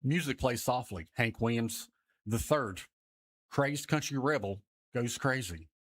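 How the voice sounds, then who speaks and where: A man's voice: medium pitch, measured pace, fairly bright tone. A man improvising a rambling comic story, narrating in a mock-dramatic way and often breaking into giggles.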